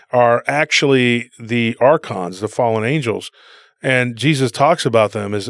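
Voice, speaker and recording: A podcast co-host with a medium-pitched, slightly bright voice rambles through stories in a casual, conversational way, often calling people "dude." The sound is studio quality with no room sound.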